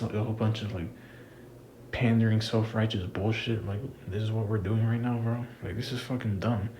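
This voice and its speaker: In a fairly low, slightly mellow voice, a young wrestling commentator vlogger delivers a casual, fed-up rant about wrestling. Swearing freely, he addresses the listener as "bro" again and again, over slight background noise.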